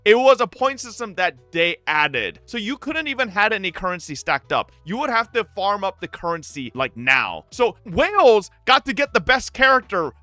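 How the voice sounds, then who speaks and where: A man streaming live, ranting to his chat in an excitable, profane, animated way. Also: high-pitched, moderate pace, hardly any pauses, dry recording, soft background music. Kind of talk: livestream rant to chat.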